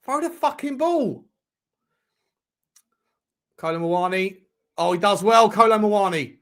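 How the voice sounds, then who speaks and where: Excitable, bright-voiced football fan host. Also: male voice, sits high, slow, long pauses. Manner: excitable, partisan, swears, shouts at big chances. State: coughing, chesty. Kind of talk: live watchalong match reaction.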